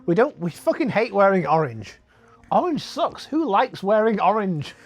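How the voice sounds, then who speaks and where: A man's voice: high-pitched, sing-song, normal speed, faint music behind. A man co-hosting a casual film commentary, joking and laughing, stopping and restarting a lot. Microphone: wired microphone.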